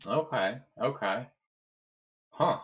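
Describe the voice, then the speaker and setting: A man playing a tabletop role-playing game, speaking in a hesitant, halting way full of fillers. His voice sits mid-pitch for a man. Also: animated, a bit bright. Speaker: player.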